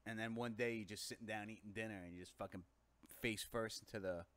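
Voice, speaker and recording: A man with a New York accent co-hosting a casual show, joking and swinging between loud and quiet. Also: fairly low pitch, steady tone, fast talker. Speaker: co-host. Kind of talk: casual chat.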